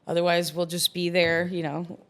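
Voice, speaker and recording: Chatty thirty-something woman, lowish voice. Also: little pitch movement, moderate pace, fairly bright tone. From Long Island, New York. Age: 30s. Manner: chatty, many "like" and "um" fillers, laughs often. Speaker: bartender guest. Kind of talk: casual storytelling in an interview.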